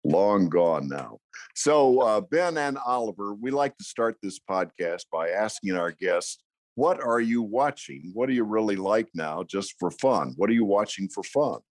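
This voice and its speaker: A man's voice: fairly low pitch, expressive, measured pace, no echo. An older man hosting a podcast, introducing guests with anecdotes and chatting casually. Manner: warm anecdotal introductions, chuckles often. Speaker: podcast host. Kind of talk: casual interview chat.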